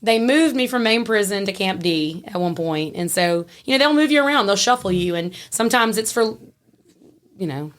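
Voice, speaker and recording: A woman's voice: medium pitch, animated, moderate pace. A woman, a podcast guest telling stories in casual chat, laughing often and acting out quoted voices.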